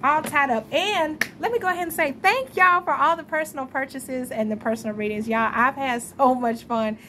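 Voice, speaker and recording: A woman's voice: high-pitched, normal speed, pushed and bright, slight background noise. A woman reading tarot at home at night, chatty and friendly, often laughing and calling her viewers y'all. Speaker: tarot reader.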